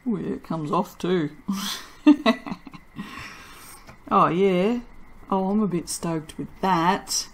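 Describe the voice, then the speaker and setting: A woman's voice: on the low side, takes it slowly, pauses often. Tired, chatty woman soap maker. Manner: chatty, self-mocking, laughs often. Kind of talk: casual vlog chat while working.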